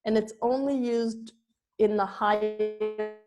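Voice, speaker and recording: Female yoga teacher, lecturing slowly, halting with ums and restarts. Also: medium pitch, steady tone, over music. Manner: hesitant, with frequent ums and restarts. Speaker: yoga teacher giving a presentation. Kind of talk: slow spoken lecture with pauses.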